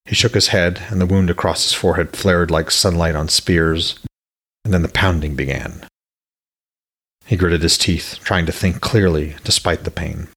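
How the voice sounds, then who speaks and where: A man reading his own fantasy novel aloud as podcast host, with steady storytelling. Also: low-pitched, moderate pace, husky.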